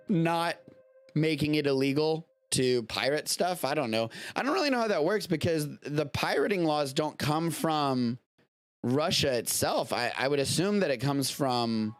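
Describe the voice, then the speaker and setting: A man hosting a live-streamed show from home, chatting casually about the news in a rambling, self-interrupting way with casual swearing. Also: medium pitch.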